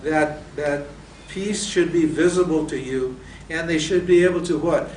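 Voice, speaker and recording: A man's voice: fairly high pitch, steady tone, unhurried, a little mellow, a little hiss or hum. A man teaching spiritual texts, asking his students rhetorical questions and then answering them himself. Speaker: Vedanta teacher. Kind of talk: lecture to students. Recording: roomy echo from a distant mic.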